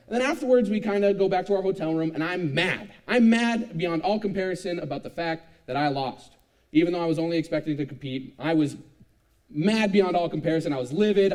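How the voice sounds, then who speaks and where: A young man in his twenties giving a youth sermon, telling a lively, self-mocking personal story. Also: a little high. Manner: animated, self-mocking storytelling with frequent laughs. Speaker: youth speaker.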